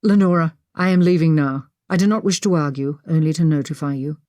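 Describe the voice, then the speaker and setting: A woman's voice: sits low, brisk, a little mellow, dry recording, clean studio sound, natural voice. A woman voicing a stubborn proud duke. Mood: firm. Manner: curt, firm.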